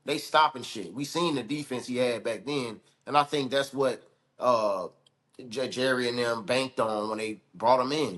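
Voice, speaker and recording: A man's voice: medium pitch, moderate pace, a bit bright. A man co-hosting a fan sports show, talking bluntly with heavy slang and swearing. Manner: profane, heated, blunt slang. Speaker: sports podcast co-host. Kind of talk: casual sports debate.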